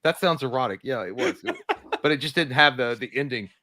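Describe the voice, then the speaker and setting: A man spinning a loose, animated story and slipping into the voices of the people in it, cursing as he goes. His voice sits at an ordinary middle pitch. The sound is dry and close. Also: fairly quick, no room sound. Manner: animated, acts out voices in his stories, swears freely. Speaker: podcast co-host. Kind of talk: casual storytelling chat.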